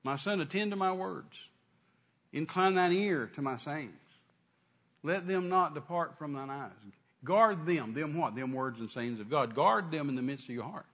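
An older man preaching a sermon, telling a folksy story that swings from hushed to shouting. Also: a little high, normal speed.

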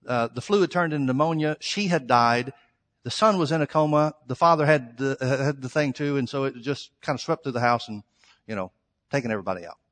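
A man's voice: mid-range voice, a little fast, fairly bright tone. A male pastor preaching a sermon, emphatic and storytelling, acting out quoted exchanges. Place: church sanctuary. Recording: long hall reverb.

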